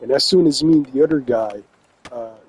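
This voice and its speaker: A man's voice: mid-range voice, a little fast, husky, poor audio. Profane, rambling man from New Brunswick. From New Brunswick, Canada. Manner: profane, rambling, laughs often. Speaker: gaming vlogger telling a story. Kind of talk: casual storytelling.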